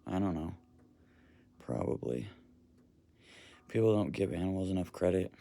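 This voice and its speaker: A man's voice: low-pitched, expressive, moderate pace, creaky, long pauses, warm tone. A man talking casually to camera, earnestly retelling a story in a rambling way and swearing now and then. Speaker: vlogger.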